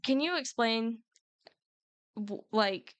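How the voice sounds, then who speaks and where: A woman's voice: a little high, expressive, takes it slowly, fairly bright tone, smooth, no echo. A woman co-hosting a podcast in casual chat, laughing often and stumbling a little as she reads notes aloud. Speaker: podcast co-host.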